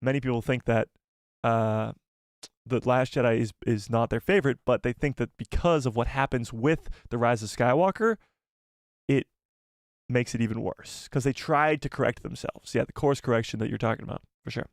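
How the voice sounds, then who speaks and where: A man hosting a live fan show, chatting casually, reading donation messages and reacting with animated repeats. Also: medium pitch, normal speed, dry recording, clean studio sound. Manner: animated, exclaiming, repeats himself.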